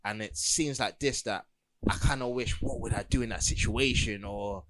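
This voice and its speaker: A man's voice: mid-range voice, moderate pace, a bit bright. A young man, co-hosting a casual podcast chat, enthusiastic and full of slang. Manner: enthusiastic, slangy, builds up scenes. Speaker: podcast co-host.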